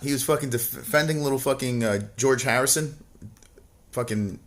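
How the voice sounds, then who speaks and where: A man's voice: mid-range voice, moderate pace. Foul-mouthed man ranting on a livestream. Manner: rambling, swears constantly, mocking, bursts into loud rants. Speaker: livestream co-host reading chat. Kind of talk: casual profane chat.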